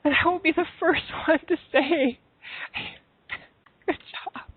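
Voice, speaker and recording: A woman's voice: high voice, moderate pace. A woman hosting a spiritual call-in podcast, talking to callers in an effusive, affectionate way. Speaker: podcast host. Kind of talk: call-in spiritual talk show. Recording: tinny phone-like sound.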